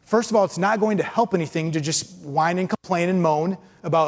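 A man preaching a sermon as pastor, animated, acting out complainers in mocking voices. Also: high voice, brisk, long reverb tail. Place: church.

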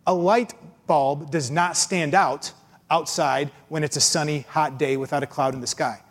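A man preaching a sermon as pastor, animated, acting out complainers in mocking voices. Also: on the high side, moderate pace, big-room sound. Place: church.

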